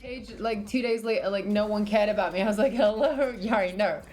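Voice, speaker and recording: A young British woman, her accent softened by years in America, chatting casually on a livestream and reading out her chat. She giggles a lot, swears freely and coos at her dog. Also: mid-range voice, steady tone, brisk, soft background music. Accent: British, partly American after years in the US. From Britain.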